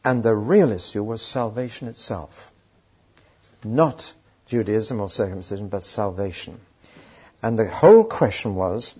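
An older man preaches a sermon full of stories and emphatic rhetorical questions. His medium-pitched voice has a darkish, husky tone, and the lo-fi recording sounds dull.

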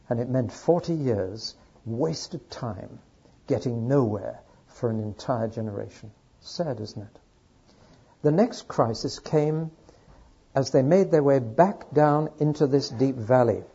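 A man teaching through a Bible book to an audience, telling the story earnestly and dropping into quiet asides. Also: medium pitch, expressive, slow pace, husky, lo-fi sound.

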